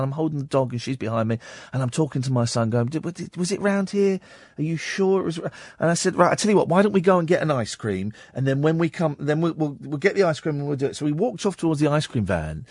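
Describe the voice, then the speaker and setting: A man's voice: fairly high pitch, dry recording, studio quality. A male radio host, telling a story on a call-in show and acting out both sides of an argument. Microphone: studio mic.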